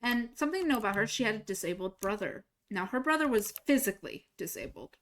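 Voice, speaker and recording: A young woman streaming a game, telling a personal story in a casual, animated way and jumping higher to act out quoted lines. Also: fast. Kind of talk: casual storytelling while gaming.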